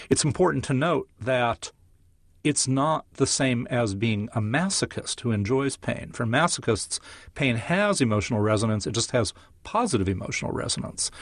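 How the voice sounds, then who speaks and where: A man explains science to interviewers in a measured, lecture-like way, leaning on vivid examples. His voice sits at an ordinary pitch. The sound is dry and close, with no room around it. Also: dry recording. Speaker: neuroscientist guest.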